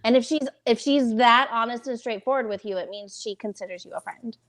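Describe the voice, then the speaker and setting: A woman's voice: a little high, a little fast. A woman co-hosting a casual live stream, candid and chatty, laughing at herself. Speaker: co-host.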